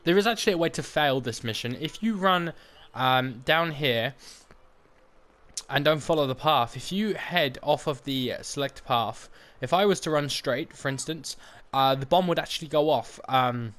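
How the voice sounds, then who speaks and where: A man's voice: fairly high pitch, normal speed, a bit bright. A young man giving casual, rambling let's-play commentary and explaining the game as he plays. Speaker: gaming YouTuber.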